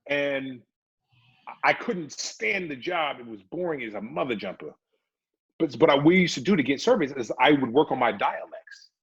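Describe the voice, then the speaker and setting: Actor guest, male, husky tone, animated storyteller, dull lo-fi interview audio. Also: medium pitch, moderate pace. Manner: animated storyteller, slips into put-on voices. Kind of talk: casual interview chat. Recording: dull lo-fi recording.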